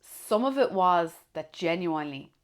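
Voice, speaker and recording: An Irish woman in her thirties, a former police officer, telling stories in a relaxed chat and acting out the voices of people she quotes. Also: fairly low pitch, a little slow. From Ireland. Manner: animated storyteller, acts out quoted voices. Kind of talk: casual conversation.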